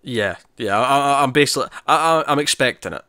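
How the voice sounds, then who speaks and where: A man's voice: medium pitch, lively intonation, fast, pushed and bright, no room sound, studio quality. A man co-hosting a podcast in casual chat, chatty and laughing often, acting out characters' lines. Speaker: podcast co-host.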